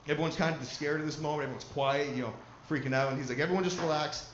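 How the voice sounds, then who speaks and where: A man doing stand-up comedy, telling a long profane story and chatting with the crowd. His voice sits a little high for a man. The live recording is roomy and dull, with a loud layer of noise behind it. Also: steady tone, racing.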